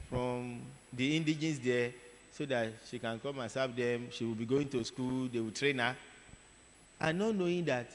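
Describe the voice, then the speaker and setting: A man preaching a sermon, telling a story in an animated way and repeating words for emphasis. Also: medium pitch. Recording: long hall reverb.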